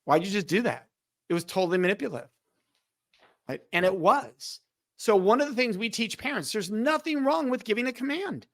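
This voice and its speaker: A man's voice: high voice, lively intonation, a little fast, fairly bright tone, dry recording. Emphatic man explaining, dry close sound. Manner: emphatic, acts out quoted dialogue. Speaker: podcast guest, speaker on respect. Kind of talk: animated explanatory conversation.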